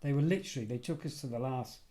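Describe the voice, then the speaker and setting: A middle-aged English man, a podcast guest, telling lively anecdotes in a casual conversational way and often correcting himself mid-sentence. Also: mid-range voice, fast. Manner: animated anecdotal storyteller, self-correcting. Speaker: podcast guest, former detective and security head. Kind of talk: casual storytelling.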